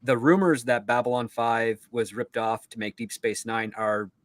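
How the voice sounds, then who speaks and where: A man on a live panel chat, explaining things in a calm, measured way. His voice sits at an average pitch, with a dry, close sound. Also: no echo.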